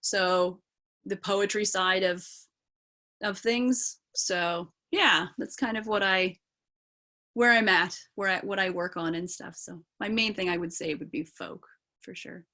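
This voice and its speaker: Appearing as a guest over video call, a young actor-singer from British Columbia, Canada, talks in an unhurried, mid-range voice that sounds pushed and bright. Her chat is casual and meandering, sprinkled with ums and yeahs.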